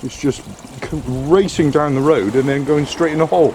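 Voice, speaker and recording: This vlogger has a fairly high voice and speaks at normal speed, grumbling, winded, and mildly cursing while walking in the rain and later driving. A little hiss or hum sits under the audio.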